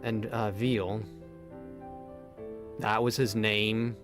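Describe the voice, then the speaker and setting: Excitable man playing a game. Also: on the low side, very slow. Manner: excitable, pleading and joking at the game. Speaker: gaming video host. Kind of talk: live gameplay commentary. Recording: game music underneath. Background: game music.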